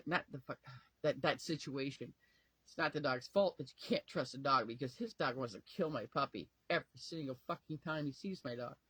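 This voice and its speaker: A man's voice: fairly high pitch, sharp tone, no room sound, rough recording. A tired man venting to camera at home in a rambling, profane, emotional way, often trailing off and restarting. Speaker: vlogger. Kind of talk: casual talk to camera.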